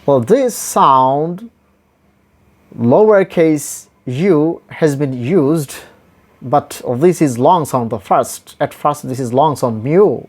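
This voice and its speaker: A man teaching English pronunciation, spelling words out letter by letter and repeating each one with careful, drawn-out syllables. His first language is Bengali. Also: on the high side, lively intonation. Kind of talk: slow, deliberate pronunciation lesson.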